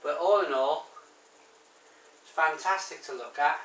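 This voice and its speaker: A man's voice: fairly high pitch, unhurried, fairly bright tone, distant mic, slight background noise. A man with a Barry Welsh accent, reviewing a bottled beer in a chatty, rambling way full of ums and restarts. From Wales. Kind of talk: casual review to camera. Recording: echoey room, voice off-mic.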